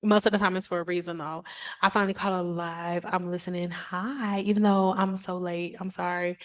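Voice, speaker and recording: A woman's voice: lowish voice, little pitch movement, normal speed, highs cut off. A woman hosting a casual livestream, talking in a chatty, rambling way with lots of restarts and apologies. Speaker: beauty vlogger and livestream host.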